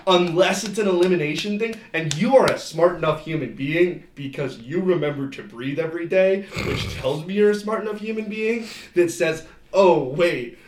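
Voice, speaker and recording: A man talks in a casual, sarcastic podcast chat, his voice slightly high and swinging widely in pitch. The room sounds echoey, with a faint hiss underneath. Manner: animated, sarcastic, quick asides. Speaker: podcast co-host. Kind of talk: casual chat reviewing a reality show.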